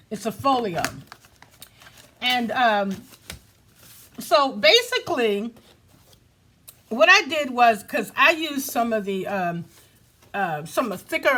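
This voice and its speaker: Woman, casual crafting chat, bright tone, faint background noise. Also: on the high side. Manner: chatty, laughs at herself, talks to viewers as y'all. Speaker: crafting video host.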